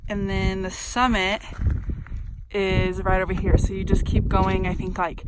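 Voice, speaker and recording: A young woman vlogs as she hikes a snowy mountain trail, speaking earnestly and chattily into a handheld camera with plenty of fillers, as a long-distance hiker narrating casually. Her voice is medium in pitch and level in tone, a little slow, with heavy background noise outdoors.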